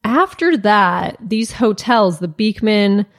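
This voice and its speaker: Woman podcast host, casual storyteller, animated, drops into quoted voices, filler-heavy. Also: medium pitch, takes it slowly. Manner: animated retelling, acts out quoted dialogue, many "like" fillers.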